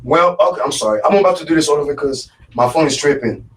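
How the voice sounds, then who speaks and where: A man's voice: fairly high pitch, lively intonation, fast talker, recorded from a distance, a little hiss or hum, low-quality recording. A man hosting a live radio show in casual chat, rambling with lots of fillers and repeated words. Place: radio studio.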